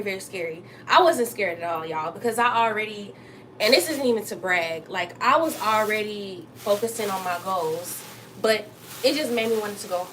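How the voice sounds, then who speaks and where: A young woman hosting a casual livestream from her kitchen while she cooks, chatting straight to her viewers and jumping up high to greet them. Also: fairly bright tone, a little hiss or hum. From Texas. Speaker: livestream host. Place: home kitchen.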